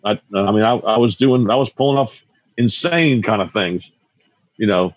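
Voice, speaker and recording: A man's voice: fairly low pitch, normal speed, dry recording. A man in his seventies from New Jersey, a musician telling a loose, rambling story in a casual interview, full of restarts and asides. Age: 70s. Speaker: musician guest.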